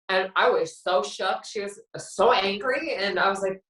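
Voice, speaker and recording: A woman's voice: medium pitch, brisk, hardly any pauses, fairly bright tone. A woman from Canada, a guest telling her story with drama and acting out who said what. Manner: dramatic, acts out quotes of herself and others. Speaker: reality show contestant guest. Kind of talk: animated storytelling interview. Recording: roomy echo, distant from the mic.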